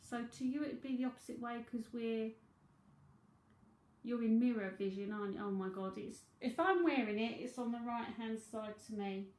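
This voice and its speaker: With a slightly high, darkish voice at normal speed, a Cockney-accented medium from London gives a live reading. Frequent laughter punctuates her chatty, think-aloud style, and the space sounds echoey.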